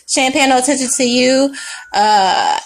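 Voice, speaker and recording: Profane, high-voiced tarot reader woman. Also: moderate pace, slight background noise. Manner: blunt, profane, animated, laughing often. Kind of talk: casual tarot reading monologue.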